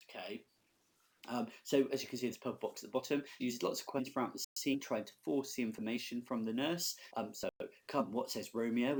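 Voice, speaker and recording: A male teacher giving a recorded lesson in a conversational, explanatory way, often checking in with his students. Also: lowish voice. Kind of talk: recorded classroom lesson over slides.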